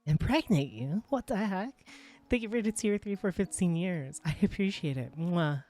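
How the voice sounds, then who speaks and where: A woman streaming live, chatting casually while she works, excitable and full of exclamations as she greets her chat. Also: mid-range voice, normal speed. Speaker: live streamer and world creator.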